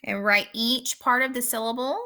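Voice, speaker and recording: A woman teacher giving a recorded phonics lesson, speaking slowly and clearly and repeating each word for young learners. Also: on the high side, steady tone, sharp tone. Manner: slow, clear instructional pacing with repeated words.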